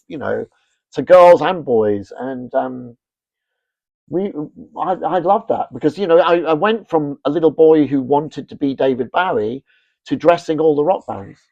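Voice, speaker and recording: A middle-aged man, a fashion brand founder, telling rambling, animated anecdotes with lots of restarts in a casual interview. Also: a little high, vocal fry, dry recording, lo-fi sound.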